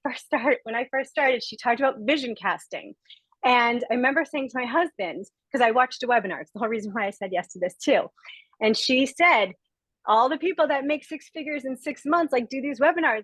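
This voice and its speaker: A woman's voice: on the high side, fairly bright tone, no room sound, poor audio. A woman in her forties from Rhode Island, giving an earnest, heartfelt testimonial on a webinar over a video call, close to tears. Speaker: guest speaker sharing a testimonial.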